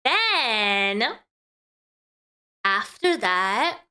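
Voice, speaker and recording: A woman's voice: mid-range voice, sing-song, drawn-out words, pushed and bright. A woman hosting a casual commentary stream, chatty and talking to her chat, laughing often. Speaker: vtuber host.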